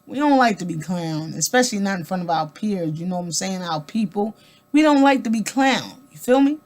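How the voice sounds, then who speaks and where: In a casual spoken monologue, a woman vlogger talks fairly quickly in an animated, mid-range voice with a darkish tone, faint music playing behind her. She's emphatic and colloquial, repeating words, firing rhetorical questions, and rambling with restarts.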